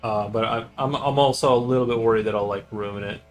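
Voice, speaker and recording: A man's voice: lowish voice, fairly even intonation, fast, faint music behind, rough recording. A young man streaming his drawing, chatting casually and rambling with many fillers and restarts. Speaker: artist streamer.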